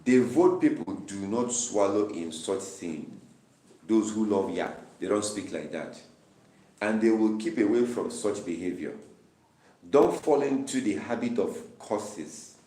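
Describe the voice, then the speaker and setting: A man's voice: lowish voice, expressive, unhurried, dark tone. A man leading a Bible study, reading verses aloud and explaining them with repeated, emphatic phrases. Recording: roomy, distant mic.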